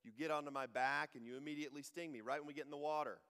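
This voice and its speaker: A man's voice: a little high, fairly even intonation, very fast, a bit bright, big-room sound. A man voicing a wary male frog in a fable, arguing his doubts in a plain voice.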